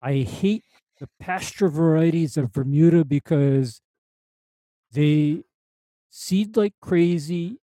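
Higher-pitched mellow male expert, explanatory, dry close sound. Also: takes it slowly, long pauses, dry recording. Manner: explanatory, opinionated. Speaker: turf expert co-host. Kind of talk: casual chat.

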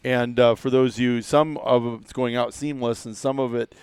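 A man's voice: mid-range voice, moderate pace, clear, resonant tone, no echo. A man hosting a casual hunting podcast, telling stories with lots of acted-out dialogue, fillers and restarts. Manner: animated storyteller, acts out dialogue, many fillers and restarts. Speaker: podcast host.

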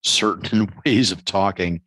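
A man's voice: low-pitched, takes it slowly, a bit bright, husky, no room sound, rough recording. A man hosting an interview, asking long, thoughtful questions with a few restarts. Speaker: podcast host, interviewer. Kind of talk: conversational interview.

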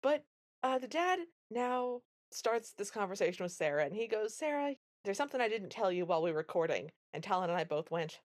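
A woman's voice: mid-range voice, a little fast. A woman co-hosting a podcast, recapping a film in casual chat and acting out the characters' lines as she goes. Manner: animated retelling, acts out quoted lines. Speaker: podcast co-host.

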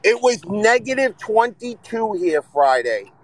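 A man's voice: high-pitched, big pitch swings, a little slow, no echo, poor audio. A man from Northern New Jersey chatting casually and profanely, talking on a phone while driving. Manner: profane, rambling storyteller. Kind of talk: casual chat. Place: driving a car. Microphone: phone in hand.

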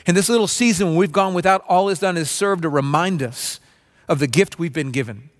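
A pastor delivering a sermon in an earnest, preacherly way, acting out grumbling voices. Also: male voice, high voice, brisk. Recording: long reverb of a large room.

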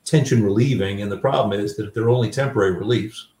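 Fast-talking, with a fairly low pitch and darkish tone, an older guest author shares personal stories in a reflective, filler-heavy conversational style. The recording comes from a distant mic in a roomy space.

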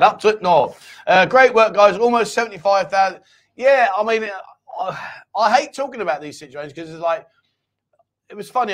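A man's voice: high voice, a bit bright. A man hosting a casual live-stream chat show, teasing his co-host and reading viewer comments aloud.

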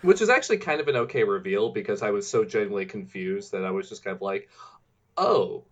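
A man co-hosting a casual movie review chat, rambling and repeating himself, sometimes jumping into high mock voices. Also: expressive, quick pace, dull audio. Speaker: podcast co-host.

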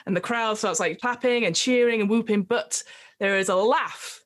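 A woman's voice: mid-range voice, normal speed. A woman running a tabletop game as game master, with chatty, giggly narration full of fillers.

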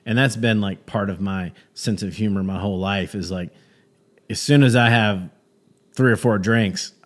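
A man who does stand-up comedy, a guest in a casual conversation, telling stories in a lively way with many restarts and false starts. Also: lowish voice, normal speed. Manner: animated storyteller, many restarts.

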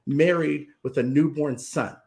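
A man's voice: a little high, unhurried, vocal fry, a little mellow. A man, a guest author, telling an emotional story from his own life and acting out the voices of the people in it.

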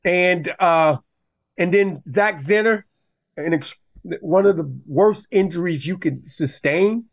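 A man, a former college running back, talking football as a guest in a passionate, animated way that rises when he gets riled up. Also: sits high, takes it slowly. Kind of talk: casual sports talk.

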